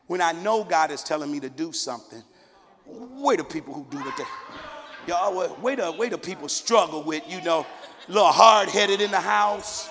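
A man's voice: sits high, animated, normal speed, big-room sound, crowd noise. A man preaching a sermon to his congregation in a church, fervent and conversational with call-and-response. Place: church sanctuary.

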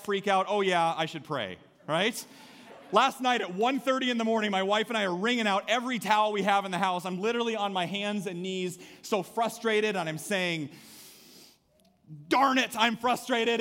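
Conversational male pastor in a reverberant hall. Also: fairly high pitch. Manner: conversational, swings between soft and emphatic. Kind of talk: sermon. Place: church sanctuary.

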